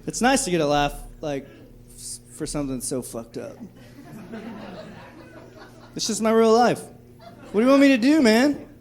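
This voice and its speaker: A man's voice: sits high, lively intonation, normal speed, long pauses. A young man doing a profane, conversational stand-up set on a comedy club stage into a handheld mic. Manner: profane, conversational, acts out drunk voices.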